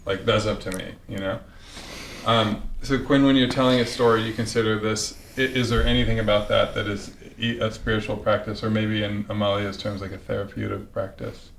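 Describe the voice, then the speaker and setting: A man hosting a podcast in a relaxed conversation. He muses aloud and often restarts his thoughts partway through. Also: on the low side, a little fast, gravelly. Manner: reflective, musing, trails off and restarts mid-thought. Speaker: podcast host. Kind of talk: casual conversation. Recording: echoey room with faint background noise.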